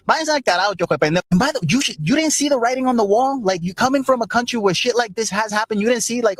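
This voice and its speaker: High voiced guy ranting super fast, drops spanish bits, dry sound. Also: animated, fairly bright tone, breathy edge, dry recording. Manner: rapid ranting that mixes in Spanish phrases. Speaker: clip commentator. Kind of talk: casual rant.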